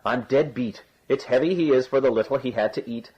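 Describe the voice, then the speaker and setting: Man doing a gruff peasant, grumbly, husky, dull audio. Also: medium pitch, a little fast, lightly acted. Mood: grumbling. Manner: grumbling and threatening. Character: gruff vengeful peasant brother.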